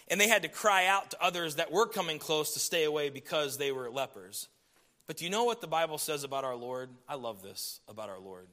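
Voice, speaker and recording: A middle-aged man preaching a sermon, swinging from loud emphasis down to hushed, intimate tones. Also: on the high side.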